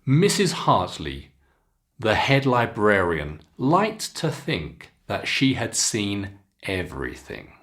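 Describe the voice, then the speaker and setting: A man with a British English accent teaching pronunciation, reading a story aloud slowly and clearly between instructions to pause and practise. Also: lowish voice, huge pitch swings, fairly bright tone. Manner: slow, deliberate, clearly enunciated reading with instructions to repeat.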